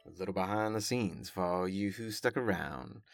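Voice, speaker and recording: A professor who also podcasts chats casually to his listeners in a low-pitched voice at a normal speed, with music playing behind him. He over-enunciates deliberately, keeps correcting himself, and fills his monologue with frequent fillers.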